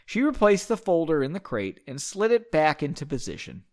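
A man's voice: on the high side, big pitch swings, fairly quick. A man hosting a podcast, reading fan fiction aloud with sarcastic, profane asides. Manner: sarcastic, swears, breaks off with jokes. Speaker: podcast host.

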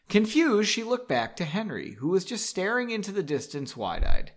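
A man's voice: sits high, big pitch swings, moderate pace, few pauses. A man hosting a comedy show, reading a melodramatic story aloud and breaking off for sarcastic asides, recorded in a basement studio. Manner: sarcastic, mocking asides, drinking while reading.

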